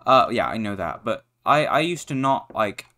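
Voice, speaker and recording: A young man giving foul-mouthed, excitable commentary while playing a horror game, yelling at what scares him. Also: lowish voice, normal speed. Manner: swearing, excitable, shouting at the game. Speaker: gaming YouTuber.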